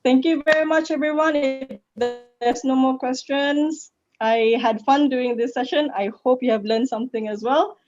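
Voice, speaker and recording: A woman with a Malaysian accent, a public speaking coach answering questions in an online session, lively and laughing easily. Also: high-pitched, normal speed, faint music behind. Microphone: video call. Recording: lo-fi video call audio.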